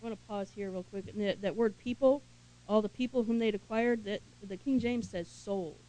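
A woman leading a Bible study, reading scripture with emphasis and commenting in a relaxed, conversational way with small laughs. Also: medium pitch, moderate pace, low-quality recording. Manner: reads scripture aloud emphatically, then comments in casual asides with small laughs.

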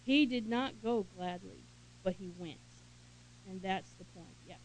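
A woman leading a Bible study, reading scripture with emphasis and commenting in a relaxed, conversational way with small laughs. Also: mid-range voice, measured pace, slight background noise, low-quality recording. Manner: reads scripture aloud emphatically, then comments in casual asides with small laughs.

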